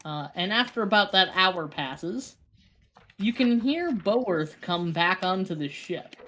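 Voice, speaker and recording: A woman narrating as game master of a tabletop game, chatty and a little halting. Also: lowish voice, lively intonation, pushed and bright, a little hiss or hum.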